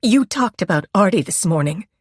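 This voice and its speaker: A woman's voice: mid-range voice, lively intonation, normal speed, breathy edge, dry recording, clean studio sound. A woman narrator voicing a distraught woman who tearfully accuses a suspect. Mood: tearful outrage.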